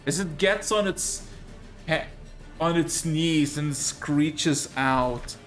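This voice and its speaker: A man runs a tabletop game, narrating in an unhurried, deliberate way. His voice sits a little higher than most men's, and soft music plays faintly behind him. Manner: slow dramatic narration. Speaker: game master.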